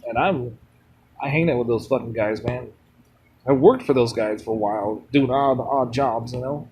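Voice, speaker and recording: A man's voice: medium pitch, normal speed, darkish tone, a little hiss or hum. A man streaming a mobile game, rambling bluntly between chat replies and swearing freely. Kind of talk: rambling casual chat while gaming.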